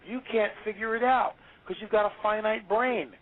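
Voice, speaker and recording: A male author talking as an interview guest, emphatic and preachy, quick to exclaim. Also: high-pitched, fairly even intonation. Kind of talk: animated interview talk. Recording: tinny phone-line audio.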